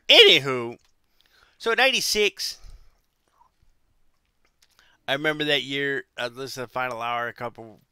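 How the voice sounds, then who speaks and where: Brief: man, 40s, casual vlog storyteller, rambling and repetitive, smooth and very bright tone, dry close sound. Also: medium pitch, animated, measured pace, long pauses, dry recording. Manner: rambling, repeats himself, restarts phrases. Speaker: vlogger telling life stories.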